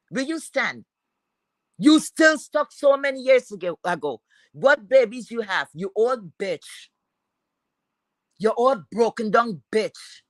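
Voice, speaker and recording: A woman's voice: medium pitch, a bit bright, dry recording. A woman from Philadelphia hosting a livestream, ranting and taunting a rival with heavy profanity. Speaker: livestream host.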